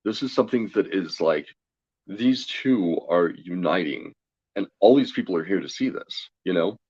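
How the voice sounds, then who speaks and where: A man's voice: low voice, animated, normal speed, a little mellow, slightly rough, dry recording, dull audio. A man, a guest on an interview show, telling a story in a chatty way, laughing often and acting out what people said. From Colorado. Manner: chatty, laughs often, quotes himself and others. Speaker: guest, tarot reader.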